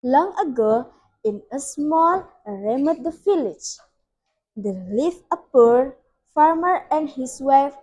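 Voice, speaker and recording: Slow, high-voiced Indonesian girl reading a story. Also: animated, darkish tone, rough recording. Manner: slow, careful reading with small slips. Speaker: student storyteller. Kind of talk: reading a fairy tale aloud.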